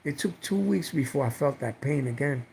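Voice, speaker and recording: A man's voice: medium pitch, animated, moderate pace, vocal fry, darkish tone, a little hiss or hum, low-quality recording. A man casually telling a personal story on a livestream, rambling, repeating himself and swearing now and then.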